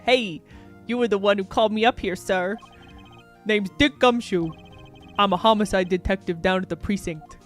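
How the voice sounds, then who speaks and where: A woman voicing an eager, slow-witted male police detective in a put-on Boston accent, brash and tough-talking. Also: medium pitch, faint music behind, close to an everyday voice.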